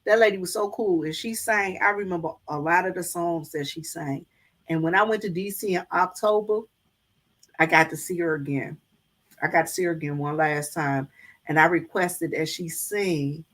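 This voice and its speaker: A woman's voice: low voice, normal speed, fairly bright tone. Folksy woman telling church stories. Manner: folksy storytelling, addresses viewers as y'all. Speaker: vlogger. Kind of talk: casual chat to live viewers.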